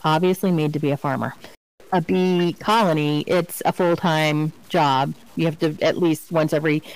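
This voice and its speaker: A woman co-hosting a podcast, chatting casually and telling animated, funny stories. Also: low voice, normal speed, rough recording. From Virginia, US. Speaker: podcast co-host. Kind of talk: casual chat.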